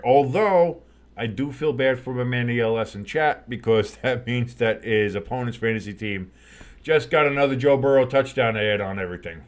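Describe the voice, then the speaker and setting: A man calling a game live for his stream in a casual play-by-play style. His voice sits at an ordinary middle pitch. He gets excitable on the big plays and cracks jokes to his chat between snaps. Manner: excitable, joking, talks to chat.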